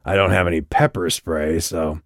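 A man reading the lines of a calm, evasive male character who just woke up, in an audiobook. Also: no room sound, studio quality. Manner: low, unhurried and evasive. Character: calm, cryptic, drowsy male traveler.

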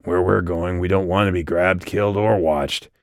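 A man reading the lines of a calm, evasive male character who just woke up, in an audiobook. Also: no room sound, clean studio sound. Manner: low, unhurried and evasive. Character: calm, cryptic, drowsy male traveler.

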